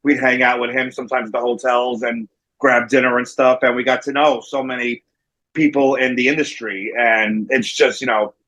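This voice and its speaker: A man's voice: medium pitch, little pitch movement, moderate pace, sharp tone, rough recording. A man with a New Jersey accent, a wrestling manager and guest, telling stories in a casual interview over a remote call. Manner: storytelling, acting out quoted voices.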